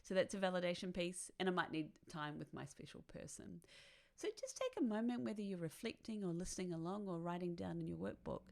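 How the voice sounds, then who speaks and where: A woman with a somewhat low voice leads a guided self-reflection talk. She coaches in a chatty way, checks in with her listeners and often laughs lightly between points. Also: expressive, brisk, gravelly. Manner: warm, chatty coaching with frequent "right?" tags and laughs. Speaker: author and workshop guide.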